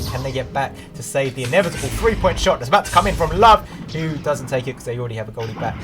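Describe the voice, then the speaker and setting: A man casting an esports match play-by-play, close to the mic, chatting to viewers and jumping into loud bursts on big plays. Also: mid-range voice, slight background noise. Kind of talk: play-by-play commentary.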